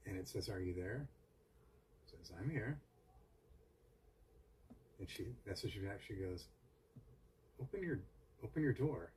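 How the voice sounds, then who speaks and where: Guy with a lowish voice telling a story across the room, far from the mic, faint hum behind. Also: measured pace, long pauses. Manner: relaxed anecdote, quoting messages. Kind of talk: casual storytelling. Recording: distant from the mic with faint background noise.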